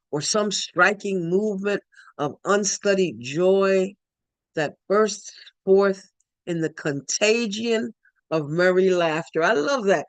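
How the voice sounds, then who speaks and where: A woman shares heartfelt spiritual reflections with her study group, repeating words and whole phrases as she goes. Her voice sits at a middle pitch. The sound is dry and close, with almost no room echo. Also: a bit bright. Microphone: online call.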